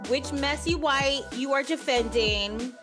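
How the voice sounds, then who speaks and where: A woman co-hosts a casual podcast debate with a slightly high voice. She talks boldly and frankly, throwing in crude jokes as she makes her case. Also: slow pace, music in the background. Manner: bold, joking, frank. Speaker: co-host.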